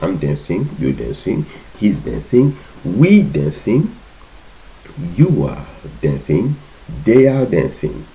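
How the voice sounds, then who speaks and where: A man giving an informal language lesson, patiently repeating words in slow drills. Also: on the low side, wildly swooping pitch, gravelly, warm tone, low-quality recording. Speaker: language teacher.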